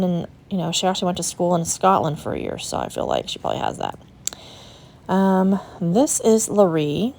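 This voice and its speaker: Chatty, gushing woman vlogger, lowish voice. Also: a little mellow. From United States. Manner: chatty and gushing, talks to viewers. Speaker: vlogger and resale booth owner. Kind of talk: casual vlog chat while walking a shop.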